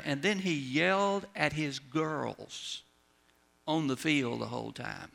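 A man's voice: on the high side, gravelly, pushed and bright. A man preaching a sermon as a pastor, telling folksy stories and letting his voice drop at the ends of lines.

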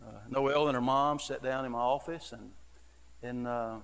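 The middle-aged associate pastor preaching here has a clear, resonant, slightly bright mid-range voice with fairly even intonation and a moderate pace, heard in a large hall. His sermon is earnest, conversational storytelling full of "you know."

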